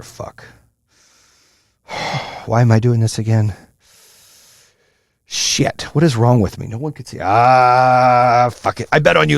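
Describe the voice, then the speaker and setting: A middle-aged man hosting a solo motivational podcast, telling stories in a profane, animated way with lots of fillers. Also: on the low side, no room sound, clean studio sound. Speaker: podcast host.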